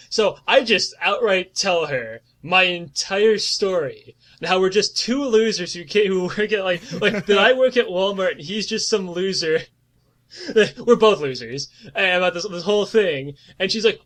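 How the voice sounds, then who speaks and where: High-voiced young man telling a wild story. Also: measured pace. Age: 20s. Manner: animated, swearing, bursts into mock-dramatic singing. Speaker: podcast storyteller. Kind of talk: casual comedic storytelling.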